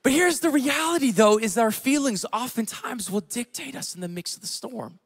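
Man, pastor, sermon, high voice, casual storytelling, hushed to loud swings. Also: expressive, moderate pace, slightly rough.

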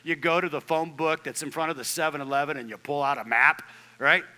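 A man in his fifties, a pastor preaching a storytelling sermon, animated and joking with the congregation, dropping from loud outbursts to hushed near-whispers. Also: a little high, fairly quick, low-quality recording. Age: 50s. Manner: jokey asides to the congregation.

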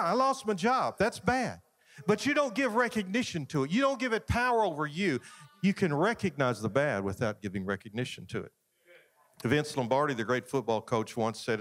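Male pastor, folksy storyteller, voice on the higher side. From Southern United States. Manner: folksy storytelling, swings between loud and hushed. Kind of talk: sermon.

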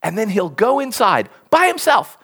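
Preacher mid sermon, super expressive voice swinging all over, acts out the quotes. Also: medium pitch, moderate pace. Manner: animated storytelling, acts out quoted speech.

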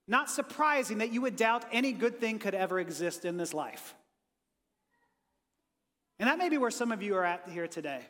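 A pastor giving an energetic, conversational sermon and talking with his congregation in a church. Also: very high-pitched, in a large hall.

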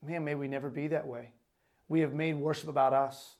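A man preaching a sermon as pastor, reading scripture aloud and then explaining it in casual, animated talk. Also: a little high, brisk, gravelly.

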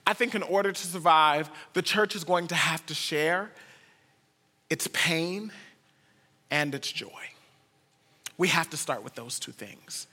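A man from the United States preaching, his voice high and bright, ringing out with a long hall reverb. He tells stories and moves from hushed lines to excited bursts. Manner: storytelling, swings from hushed to excited. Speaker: pastor. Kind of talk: sermon.

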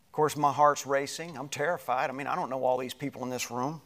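A middle-aged male pastor telling a personal story in a sermon, animated and moving between loud passages and hushed ones. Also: mid-range voice, fast talker.

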